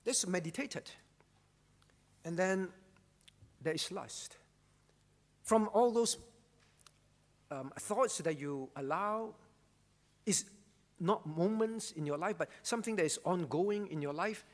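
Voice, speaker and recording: High-voiced pastor preaching in a reverberant hall. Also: male voice, lively intonation, slow, pauses often. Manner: emphatic, repeats key phrases, frequent rhetorical "all right?". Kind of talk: sermon. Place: church.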